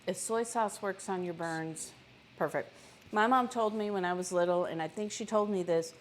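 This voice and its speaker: A woman with a fairly low-pitched voice cooks on a live stream in her home kitchen, with slight background noise audible. Chatty and self-deprecating, she talks casually to her viewers and jokes at herself.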